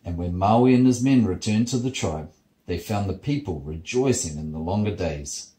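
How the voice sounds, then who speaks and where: New man, fairly low voice, gentle steady bedtime story reading, echoey bedroom. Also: normal speed. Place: child's bedroom at night.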